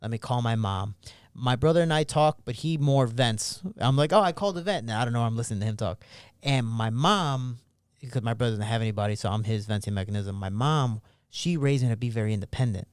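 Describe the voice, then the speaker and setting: A man in his thirties, appearing as a guest on a podcast, is an MMA fighter who candidly tells personal stories in a casual interview, acting out the voices he quotes. His voice is medium-pitched, brisk, clear and resonant. The recording is dry and clean, with a studio sound.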